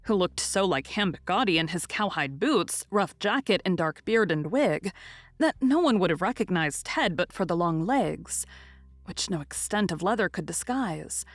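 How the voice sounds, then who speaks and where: Low-voiced woman narrating a story. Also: no echo. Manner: measured, expressive storytelling. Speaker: audiobook narrator. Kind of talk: scripted narration.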